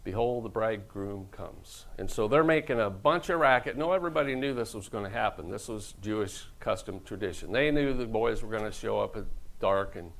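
Pastor, middle-aged man, gravelly voice, preaches with jokes and acted-out quotes. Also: on the low side, expressive, brisk, fairly bright tone, low-quality recording. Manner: joking, storytelling, acts out quoted voices. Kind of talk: humorous sermon.

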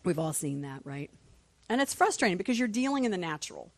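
A woman's voice: lowish voice, sing-song, fast, no echo. A woman teaching a Sunday school class in church, passionate and reading scripture aloud.

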